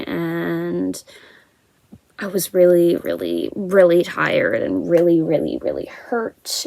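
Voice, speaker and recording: Gravelly-voiced young woman telling a story. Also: fairly low pitch, darkish tone, no room sound, poor audio. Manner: casual, candid, swears, acts out quoted dialogue. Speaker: vlogger. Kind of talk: personal story time.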